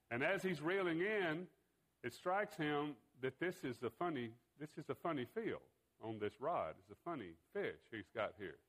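A man preaching a sermon, telling a story with pauses and fillers. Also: mid-range voice, fairly bright tone, rough recording.

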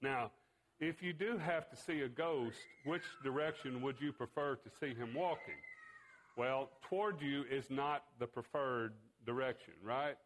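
A man delivers a sermon. He tells a fishing tale with pauses and a few fillers, then draws a lesson from it. His voice sits at an ordinary pitch for a man. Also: a bit bright, poor audio. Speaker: preacher.

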